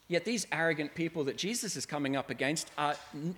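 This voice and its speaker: A man's voice: a little high, fast talker, hardly any pauses, a bit bright. A man pastor, from Australia, preaching a sermon in an earnest, conversational way, acting out quotes as he goes.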